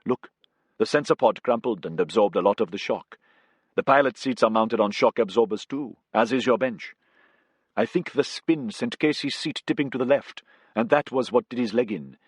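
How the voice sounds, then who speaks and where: A man reading an audiobook voices a calm male co-pilot explaining matter-of-factly. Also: medium pitch, moderate pace, slightly rough, dry recording, lightly acted.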